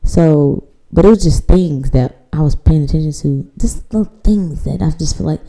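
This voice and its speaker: Low gravelly woman, blunt storyteller. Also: normal speed, rough recording. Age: late 20s. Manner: blunt, swears freely, lively storytelling. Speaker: podcast host. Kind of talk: candid casual chat.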